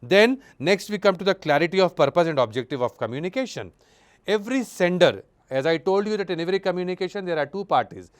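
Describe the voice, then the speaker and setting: A man giving a classroom lecture, expressive, shifting his pitch and loudness for emphasis and often repeating words and using fillers. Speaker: college lecturer.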